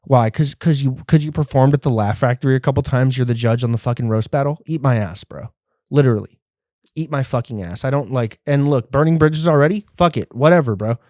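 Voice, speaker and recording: A young man hosting a podcast, ranting in a profane, rambling and animated way. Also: medium pitch, a little fast, no room sound, studio quality. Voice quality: sounds like a white guy, by his own account. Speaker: podcast host. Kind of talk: casual rant.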